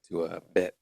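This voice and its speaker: A man's voice: a little mellow, no echo. A man co-hosting a podcast in casual banter, laughing often and reading news items aloud. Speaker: podcast co-host.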